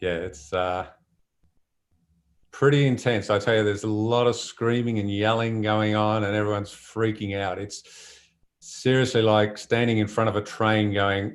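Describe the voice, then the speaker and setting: Man, low voice, relaxed storyteller who laughs easily. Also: normal speed. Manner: relaxed and chatty, laughs often, many fillers. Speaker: surf photographer guest. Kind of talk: casual conversational storytelling.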